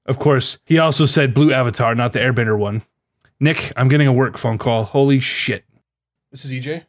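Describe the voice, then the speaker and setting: A young man co-hosting a casual gaming podcast, animated and quick to swear and laugh. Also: medium pitch, no room sound. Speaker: podcast co-host. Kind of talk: casual chat.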